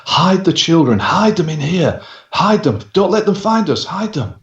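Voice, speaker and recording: A frantic young man pleading and shouting in terror, as a man acts him out. His voice sits far higher than the speaker's own and is raised in force. The sound is roomy and dull, like a lo-fi call. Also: very animated, moderate pace. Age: 20s. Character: panicked young man reliving a violent death.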